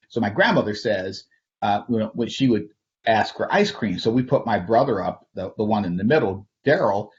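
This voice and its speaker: A middle-aged man from Flint, Michigan, tells personal stories to an audience in a loose, conversational way. He chuckles often and restarts his sentences. His voice sits fairly low, and the recording sounds dull and lo-fi. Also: darkish tone. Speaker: invited speaker. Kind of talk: personal storytelling talk.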